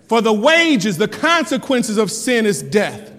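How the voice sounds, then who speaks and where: A male pastor preaching a lively sermon, repeating lines for emphasis and laughing often. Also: very high voice, takes it slowly, pauses often. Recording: long hall reverb.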